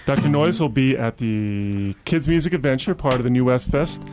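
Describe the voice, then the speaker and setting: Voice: mid-range voice, normal speed, darkish tone, soft background music. A radio host interviewing a children's musician with a teasing, amused manner.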